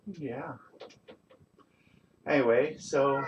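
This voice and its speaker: A man softly soothing and coaxing cats, often half-whispering, at home. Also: medium pitch, measured pace, gravelly, long pauses. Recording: noisy home stream audio.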